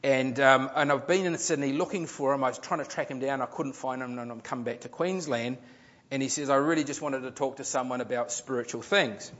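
A man's voice: mid-range voice, fairly quick, a bit bright, lo-fi sound. A man, a pastor telling a story in a sermon, in a chatty, rambling way with restarts and fillers.

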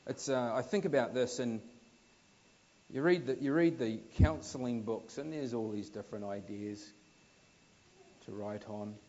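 A man from New Zealand with a New Zealand accent, preaching a sermon in a conversational, anecdotal way, with emphatic swells that drop to soft asides. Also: mid-range voice, measured pace, pauses often, highs cut off.

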